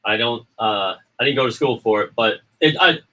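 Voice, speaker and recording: A man's voice: mid-range voice, moderate pace, pushed and bright, recorded from a distance, poor audio. A man chatting casually about editing his own film, rambling, repeating himself and acting out quotes. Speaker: indie filmmaker and editor. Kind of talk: casual livestream chat.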